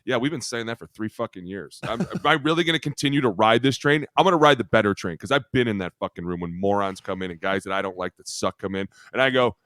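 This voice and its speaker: A man co-hosting a football podcast, loud and animated, swearing through his rants. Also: medium pitch, fast talker, no echo, clean studio sound. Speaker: podcast co-host, former lineman. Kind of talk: profane sports banter.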